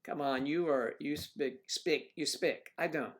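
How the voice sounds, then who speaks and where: A man's voice: a little high, measured pace. A middle-aged man hosting a casual livestream, joking and chatting with viewers and reading out their comments. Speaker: livestream host.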